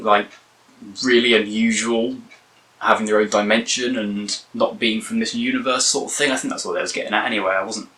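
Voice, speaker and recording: A man's voice: on the low side, bright, forceful tone, distant mic, rough recording. A young man giving a casual, rambling spoken review, often correcting himself. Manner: rambling, self-correcting, chatty. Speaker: video reviewer.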